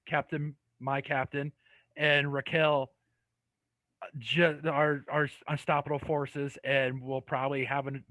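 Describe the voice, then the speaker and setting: A man co-hosting a wrestling podcast, reviewing matches in a measured way with hesitant restarts. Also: fairly high pitch, a bit bright, no room sound, low-quality recording. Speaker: podcast co-host.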